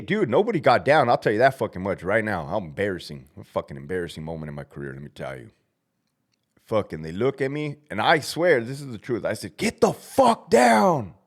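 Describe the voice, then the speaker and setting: Man in his thirties, low voice that swings widely, profane casual storyteller who barks out commands mid-story. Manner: profane, blunt, laughs at himself, acts out shouted commands. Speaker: former prison officer telling stories.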